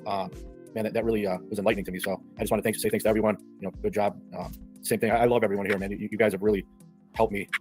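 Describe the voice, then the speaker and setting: A man's voice: on the low side, level tone, very fast, a little mellow, soft background music. A man on an online podcast panel, thanking everyone in a grateful, hesitant way. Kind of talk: casual call-in panel talk.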